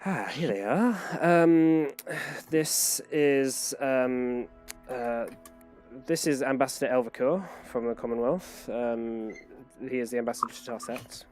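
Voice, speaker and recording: Guy doing a smug scheming king, pitch pushed up a bit as he lays down demands, halting with lots of ums, plain everyday voice under it. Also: darkish tone, soft background music, lightly acted. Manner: hesitant, full of ums.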